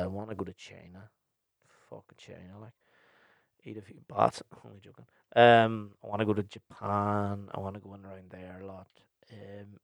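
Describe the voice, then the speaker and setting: A young man who hosts a podcast and works as a DJ chats casually and answers listener questions in a fairly low voice with a darkish tone. He's blunt, swears freely, and rambles with lots of ums. The sound is dry and close, with no room sound or echo.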